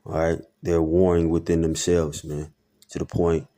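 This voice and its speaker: Deep, flat-voiced man giving religious commentary. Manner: casual, halting delivery. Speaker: religious video host. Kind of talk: scripture-based commentary.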